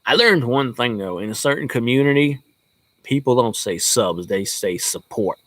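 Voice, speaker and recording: A man ranting loosely about sports, swearing freely and cracking jokes as he drifts from one thought to the next. His voice sits at an ordinary pitch, and it sounds close and dry with no room echo. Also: animated, moderate pace. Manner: profane, joking, rambling. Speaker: sports fan vlogger. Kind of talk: casual rambling rant.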